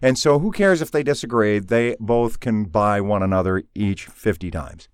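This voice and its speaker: A man's voice: fairly low pitch, moderate pace, clean tone, dry recording, studio quality. A man co-hosting a comedy podcast, joking sarcastically in casual banter. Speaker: podcast co-host.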